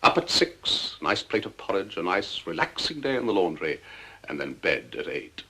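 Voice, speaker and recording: An actor with an English accent playing a cool, understated secret agent with dry wit in a 1960s TV drama. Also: male voice, deep voice, big pitch swings, moderate pace, pushed and bright, heavily acted.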